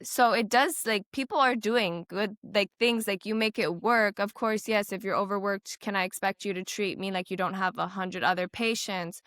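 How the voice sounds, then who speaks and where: A woman's voice: medium pitch, moderate pace, few pauses, no echo, clean studio sound. A young woman, a heart patient and interview guest, talking emotionally and on the edge of tears, with lots of fillers. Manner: tearful, animated, many "like" fillers, acts out quoted doctors. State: teary.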